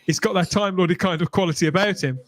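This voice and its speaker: A man's voice: high-pitched, quick pace. A man co-hosting a podcast, talking in an articulate, storytelling way. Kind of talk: casual chat.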